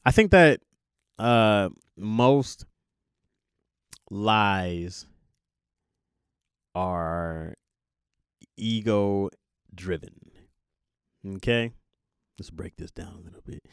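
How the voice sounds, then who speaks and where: Animated man telling stories, dry sound. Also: on the low side, very slow, pauses often, clean tone, no room sound. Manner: animated storytelling with voiced asides and laughs. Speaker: podcast host. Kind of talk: casual monologue.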